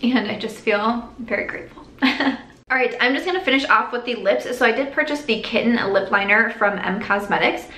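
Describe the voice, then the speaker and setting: A woman's voice: fairly high pitch, normal speed, pushed and bright. A young woman chatting while she does her makeup in a get-ready-with-me vlog, rambling and earnest, with lots of "like" and restarts. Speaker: beauty vlogger. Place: at home doing makeup. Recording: echoey room.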